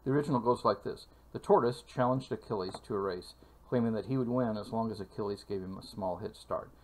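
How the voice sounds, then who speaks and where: A man teaching a calculus lecture for video, speaking in a measured way with frequent fillers and pauses. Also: fairly low pitch. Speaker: math lecturer.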